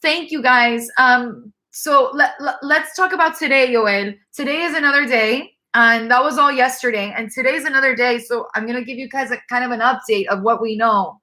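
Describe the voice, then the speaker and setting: A woman talks on a live stream in an earnest, emotional way, her voice high and bright. She has been crying, and she often repeats and restarts her words. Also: normal speed, few pauses, rough recording. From Cuban-American. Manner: earnest, tearful, repeats herself. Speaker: livestream host.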